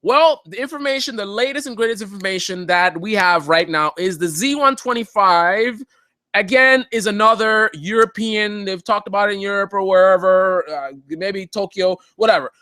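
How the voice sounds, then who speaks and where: A man's voice: sits high, moderate pace, pushed and bright, no echo, studio quality. A man hosting a live motorcycle channel update, talking casually in a joking, rambling way with lots of fillers.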